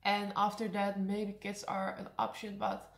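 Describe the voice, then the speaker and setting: Dutch girl answering fan questions, kinda monotone, lots of um and uh, echoey room. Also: medium pitch, unhurried, vocal fry. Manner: candid, hesitant with fillers. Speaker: vlogger. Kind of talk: casual Q&A vlog.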